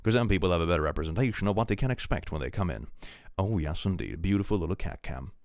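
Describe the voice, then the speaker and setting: Man, deep voice, lively swinging intonation, playful livestream chat, reacting to viewers. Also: fast, no echo, studio quality.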